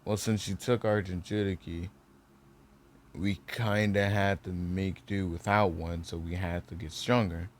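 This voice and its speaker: A plain-spoken male village leader, put on by a storyteller from a fan-made ninja tale. He explains things flatly and practically, in a fairly low, unforced voice. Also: a little slow, slight background noise. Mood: matter-of-fact.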